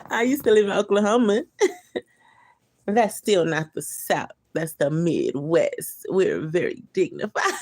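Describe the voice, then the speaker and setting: A woman's voice: fairly low pitch, very animated, slow, long pauses, darkish tone, dry recording. A woman hosting a casual livestream, chatting loosely with viewers in slangy talk, reading their comments aloud and chuckling often.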